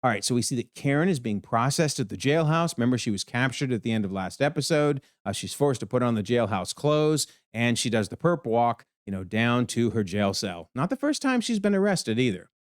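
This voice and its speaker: A man giving an animated TV episode breakdown, exclaiming often as he comments. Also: medium pitch, brisk, hardly any pauses, dry recording, clean studio sound. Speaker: video commentator.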